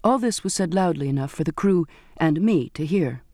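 A man reads a first-person story aloud in a measured, steady way. His voice sits a little high, and the recording is dry and close with no room echo. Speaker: narrator.

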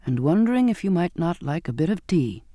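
An audiobook narrator voicing a gentle old male ship's cook with a soft, sweet voice and courteous, unhurried manner. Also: a little high, sing-song, dry recording, studio quality. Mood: polite, gentle.

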